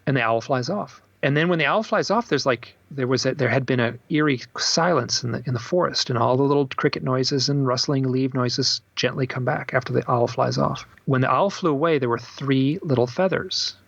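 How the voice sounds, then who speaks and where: A man, an author, telling stories in a casual interview, animated and acting out the voices of the people in them. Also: mid-range voice, fairly quick, gravelly, few pauses, no echo. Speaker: author and podcast guest. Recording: slightly dull, dry recording.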